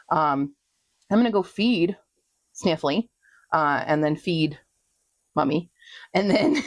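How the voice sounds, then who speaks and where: A woman casually talking through her reading progress in a home vlog, chatty and quick to laugh. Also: lowish voice, no room sound. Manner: chatty, laughs often, talks to her pets. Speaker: book vlogger.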